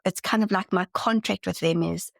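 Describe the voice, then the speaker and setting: This is a woman on the low side of pitch, gravelly and steady-toned, speaking at a moderate pace. As a podcast guest and spiritual channeler in a casual interview, she talks sincerely and enthusiastically, often restarting sentences; the studio audio is clean and echo-free.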